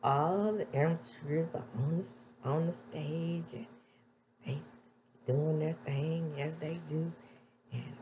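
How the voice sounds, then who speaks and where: A woman recapping a TV episode in a casual, chatty way, with sudden loud high exclamations. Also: slight background noise. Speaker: TV episode reviewer.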